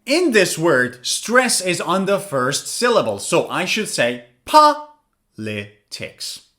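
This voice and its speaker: A man teaching an online pronunciation lesson, talking in a lively, animated way and drilling words slowly for listeners to repeat. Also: high-pitched.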